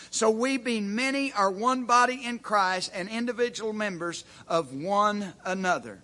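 Preaching from a church pulpit, this pastor keeps things folksy and plain-spoken, asking the congregation rhetorical questions. His voice is high and a bit bright.

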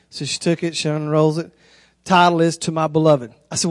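A man's voice: fairly quick, no echo, studio quality. A man, preaching a sermon through a folksy, conversational story. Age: 30s. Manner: folksy, conversational storyteller, voice rises high when excited.

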